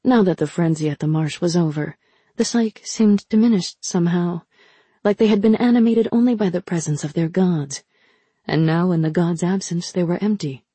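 A woman narrating a novel in a steady, measured reading. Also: lowish voice, slightly rough, no echo. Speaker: audiobook narrator. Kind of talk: scripted narration.

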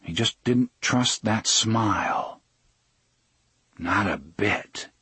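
A man narrating a novel in a measured, steady storytelling manner. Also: lowish voice, breathy edge, no echo. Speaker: audiobook narrator. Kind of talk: scripted narration.

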